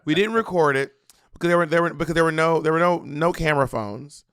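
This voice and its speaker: A man in his thirties co-hosting a casual chat, telling stories in an animated way. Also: a little high, quick pace, smooth, no room sound, clean studio sound. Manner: storytelling, animated, laughs often. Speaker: podcast co-host.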